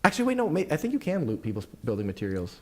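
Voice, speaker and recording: Fast-talking, rambling male podcast host. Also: on the high side, wildly swooping pitch, a little mellow. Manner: rambling, loose and profane, with frequent fillers. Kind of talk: casual gaming podcast chat.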